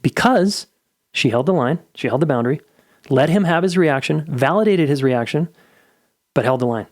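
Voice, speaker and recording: A man's voice: fairly high pitch, lively intonation, normal speed, a little mellow, dry recording, studio quality. A middle-aged man hosting a podcast, giving candid, blunt advice in a casual solo monologue and swearing freely. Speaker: podcast host.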